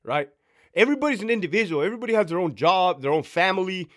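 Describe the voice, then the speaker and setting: A man's voice: high-pitched, expressive, quick pace, fairly bright tone. A man in his thirties, a former prison sergeant, telling stories in a blunt, profane, emphatic way with rhetorical questions. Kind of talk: casual storytime monologue.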